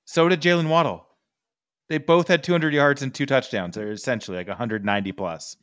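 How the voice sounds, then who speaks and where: A man co-hosting a casual sports podcast, excitable and profane, talking in quick bursts. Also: mid-range voice, dry recording, studio quality. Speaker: podcast co-host.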